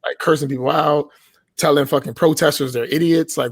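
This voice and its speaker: A man's voice: fairly high pitch, steady tone, fairly quick, no echo. Profane, emphatic man, dry sound. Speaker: podcast guest. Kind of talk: casual podcast chat.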